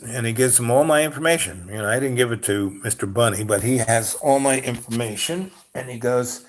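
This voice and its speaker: A man's voice: medium pitch, moderate pace. An older man from New York telling a personal story in a rambling, casual way, often saying "you know" and acting out the other people's lines. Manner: rambling, peppered with "you know", acts out dialogue.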